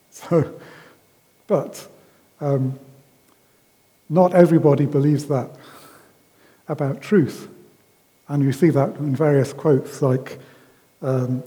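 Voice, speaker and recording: A man giving a conversational sermon as a preacher, unhurried, with frequent ums and restarts, recorded in a large hall. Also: medium pitch, dark tone. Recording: long reverb of a hall.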